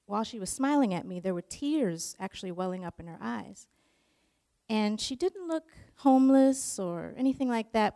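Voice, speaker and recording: A woman's voice: mid-range voice, gravelly, darkish tone, smooth. A woman telling a personal story in an earnest, emotional way, in long flowing runs.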